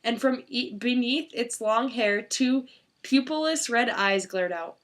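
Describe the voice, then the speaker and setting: A woman's voice: fairly high pitch, unhurried, a bit bright. Sarcastic young-sounding woman reading aloud. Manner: sarcastic, reads aloud with wry asides. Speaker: fanfiction reader. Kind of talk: mocking dramatic reading.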